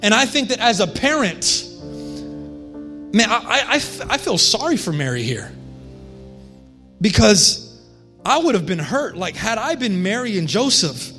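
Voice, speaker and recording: Man, pastor, high voice, conversational sermon, restarts and asides, faint music behind. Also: sing-song, measured pace, pauses often, bright, forceful tone.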